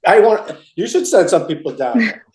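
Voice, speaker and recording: A man's voice: high-pitched, sing-song, moderate pace, darkish tone. Middle-aged guy from massachusetts rambling through a story, lots of restarts, echoey room. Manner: rambling, repeats himself, many restarts. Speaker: interviewee. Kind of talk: casual storytelling interview.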